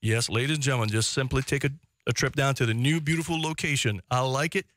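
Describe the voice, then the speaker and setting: A man with a Caymanian accent hosts live talk radio, piling on thanks and warm praise. His voice is close and dry on a studio mic. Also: medium pitch, quick pace, no echo. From Cayman Islands. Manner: effusive, repetitive thanks, animated. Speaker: radio talk show host. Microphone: studio microphone.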